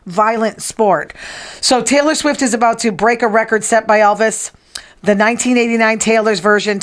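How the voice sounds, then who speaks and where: A middle-aged woman hosting a casual news and gossip chat, opinionated and teasing the people in the room. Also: a little high. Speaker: podcast host.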